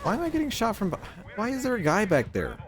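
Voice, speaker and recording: A man's voice: sits high, wildly swooping pitch, fast talker, background noise. A man streaming a shooter game, rambling in casual chat, swearing freely, with a neutral accent. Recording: loud gunfire from the game behind voice.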